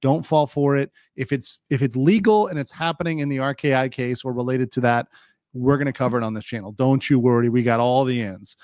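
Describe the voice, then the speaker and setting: A man's voice: medium pitch, fairly even intonation, brisk, a little mellow, no room sound. Guy streaming legal commentary, rambly with lots of uh's, hiccups today, dead dry mic. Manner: chatty, many fillers, reads chat aloud. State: has the hiccups. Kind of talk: casual live-stream commentary.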